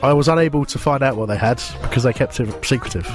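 A man's voice: medium pitch, fast, over music. A man appearing as a regular pundit on a sports radio show, chatting casually, jokey and playfully secretive, often laughing. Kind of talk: casual studio banter.

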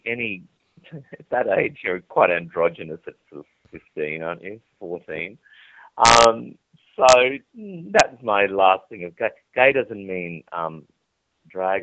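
Brief: male TV presenter guest, low-pitched, lively anecdotes, phone-quality audio, dry. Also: no room sound. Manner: lively storyteller who acts out quoted dialogue. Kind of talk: candid chatty interview answers. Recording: dry, tinny phone-like line.

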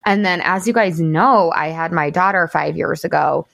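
A woman's voice: fairly low pitch, normal speed, vocal fry, a bit bright. A woman in her thirties, a podcast host and coach, telling her story in a candid, casual way with lots of "like" fillers and some swearing.

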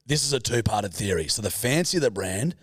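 A man's voice: on the low side, lively intonation, brisk, fairly bright tone, slightly rough, dry recording, studio quality. A young man co-hosting a casual podcast, joking and swearing freely in crude banter. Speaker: podcast co-host. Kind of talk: casual chat.

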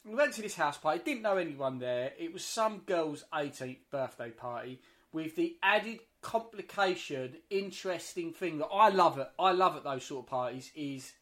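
A man chats on a video call, easing into a story about a house party. His voice sits a little high for a man, and he talks in a loose, self-deprecating way. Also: lively intonation, normal speed, a bit bright. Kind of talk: casual chat.

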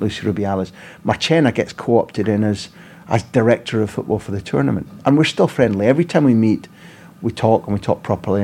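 Husky male podcast guest, storytelling, animated, doubles back on his phrases. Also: lowish voice. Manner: animated, repeats phrases while building a story. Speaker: football journalist and podcast guest.

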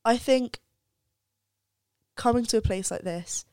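A young woman speaks frankly and thoughtfully in relaxed podcast chat. Her voice is smooth and clear. The sound is close and dry, with no room echo. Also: on the high side, takes it slowly. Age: young adult. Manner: candid, swears freely, reflective. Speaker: podcast guest, undergraduate. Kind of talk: casual chat.

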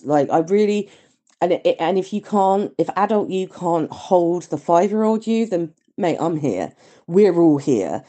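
A woman's voice: deep voice, mellow. A woman leaving a rambling, sweary, emotional voice message from her garden, outdoors. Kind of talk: heartfelt voice-note monologue.

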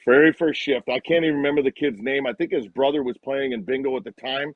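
A man's voice: medium pitch, quick pace, hardly any pauses, dry recording. Storytelling man in his fifties, muffled dry audio. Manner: animated anecdotes, acts out quoted lines. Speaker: guest, retired hockey player. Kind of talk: casual storytelling on a live show.

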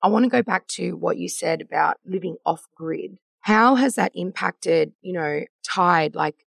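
A woman's voice: lowish voice, unhurried, creaky, dry recording. A woman in her thirties hosting a podcast interview, talking candidly and with emotion, rambling and quoting her own past thoughts. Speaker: podcast host.

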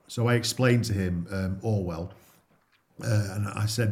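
A man's voice: fairly low pitch, a little slow, a little mellow. A middle-aged man from England, a guest in an interview, telling his story in a plain-spoken way with frequent repeats and restarts.

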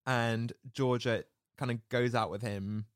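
A young woman chatting casually about a film, animated and laughing often. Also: unhurried, no room sound, clean studio sound. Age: young adult. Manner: animated, laughs a lot, jumps into high-pitched impressions.

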